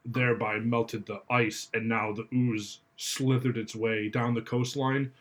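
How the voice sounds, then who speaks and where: A man casually commenting on a horror movie with a co-host, teasing with deadpan jokes. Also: medium pitch, a little slow.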